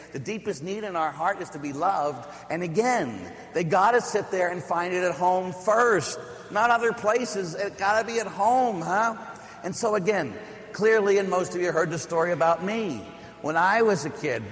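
A middle-aged man, a priest, preaching a sermon with stories, slowing down to stress key lines. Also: a little high, big-room sound. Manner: storytelling, emphatic with slow stressed lines. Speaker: Catholic priest.

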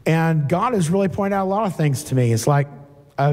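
A man's voice: fairly high pitch, expressive, a little fast, a little mellow. A man preaching a sermon in a conversational way, reading scripture aloud and breaking in with asides. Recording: long hall reverb.

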